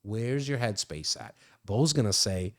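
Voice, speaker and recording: A man coaching real estate agents in an emphatic, energetic way, using casual slang. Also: fairly low pitch, a little slow. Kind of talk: coaching talk, role-playing sales calls.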